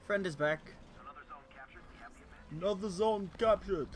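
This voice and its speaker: A man with a high, animated voice streams a game, talking loosely to his teammates. His pace is unhurried and relaxed, with easy laughter and plenty of swearing. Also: slight background noise. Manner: chatty, talks to teammates on screen, swears freely; cheerful, quick to laugh. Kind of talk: casual gameplay commentary.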